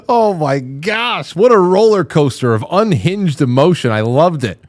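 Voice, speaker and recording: A male host comments on viral clips in a wry, amused way, his voice rising and falling with plenty of life. His pitch sits in a middle range. He is recorded dry and close. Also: lively intonation, takes it slowly, no room sound. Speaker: show host. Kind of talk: casual commentary on video clips.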